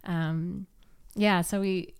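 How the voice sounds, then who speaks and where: A woman guest on a podcast, telling a story in a casual, rambling way with many "likes" and "ums" and soft laughs. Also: lowish voice, steady tone, very slow, clear, resonant tone. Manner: rambling, heavy use of "like" and "um". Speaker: podcast guest, yoga teacher.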